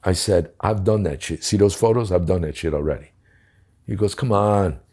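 A man's voice: low-pitched, normal speed, a little mellow, slightly rough. A man, telling a story bluntly in an interview and acting out the dialogue with profanity. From United States. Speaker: guest, former police commissioner. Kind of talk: storytelling in a long-form interview.

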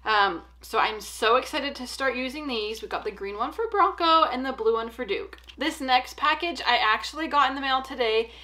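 A woman's voice: high-pitched, expressive, normal speed, hardly any pauses, sharp tone. A young woman chatting casually at home while unboxing packages for her dogs, upbeat and full of "like" and "um". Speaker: pet vlogger. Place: home, indoors.

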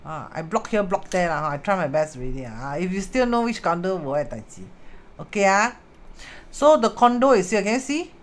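A Singaporean woman with a lowish voice speaks fairly quickly with wide pitch swings. She is a feng shui teacher chatting casually on a live stream in Singaporean English, mixing in Hokkien and Mandarin words and greeting viewers in the middle of her explanations.

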